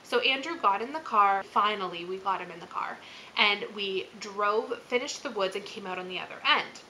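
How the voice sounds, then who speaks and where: Bright chatty woman telling a story. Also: mid-range voice, normal speed, slight background noise, poor audio. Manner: chatty, filler-heavy, laughs as she talks. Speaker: channel host. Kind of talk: casual storytelling vlog.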